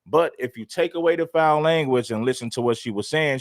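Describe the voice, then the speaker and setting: Calm explaining man, dry sound. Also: mid-range voice, brisk, no room sound. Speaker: livestream co-host. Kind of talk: casual livestream commentary.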